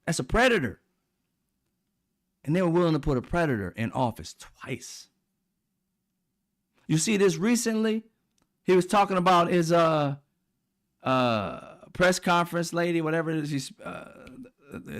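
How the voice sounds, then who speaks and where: A man's voice: a little high, lively intonation, normal speed, long pauses, fairly bright tone. A middle-aged man, hosting heated political commentary in a blunt, profane, mocking way. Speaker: commentary channel host.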